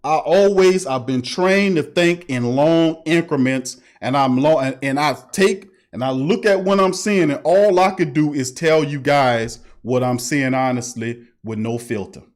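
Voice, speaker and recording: A man hosting a casual sports talk livestream, animated and emphatic, repeating himself and often laughing. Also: a little high, a little slow, few pauses. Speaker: sports talk show host.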